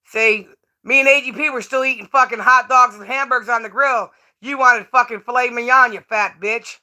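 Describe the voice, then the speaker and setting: A woman's voice: on the high side, fairly even intonation, moderate pace, bright, forceful tone. A woman streamer who rants with profane, scornful commentary. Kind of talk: ranting live stream commentary.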